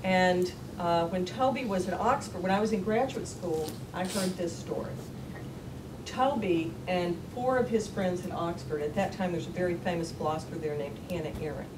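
A woman with a slightly low voice speaks candidly on a writers' panel, dropping curses and laughing easily. She is heard from off-mic, with roomy echo and steady noise around her. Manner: frank and salty, cussing freely, quick to laugh. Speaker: panelist, memoir author. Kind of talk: casual panel talk. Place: lecture hall at a public panel. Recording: distant, echoey, noisy hall recording.

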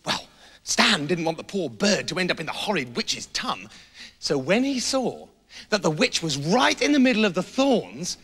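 Man, English accent, comic storytelling, bright voice, roomy echo, faint music. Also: sits high, moderate pace, husky. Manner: animated, playful and full of mock horror. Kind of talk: comic children's story narration.

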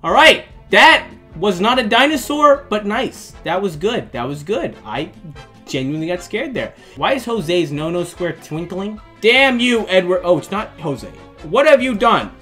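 Male let's-play host, lively swooping delivery, excitable and jokey, faint music behind. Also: sits high, a little slow. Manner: excitable, jokey, bursts into shrieks and laughter. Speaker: gaming channel host.

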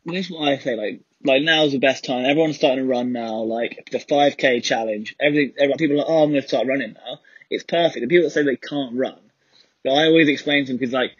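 A man's voice: mid-range voice, fast, breathy edge, no echo. A young man in casual chat, rambling with many fillers and restarts, who coaches running. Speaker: podcast co-host and running coach. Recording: slightly dull lo-fi recording.

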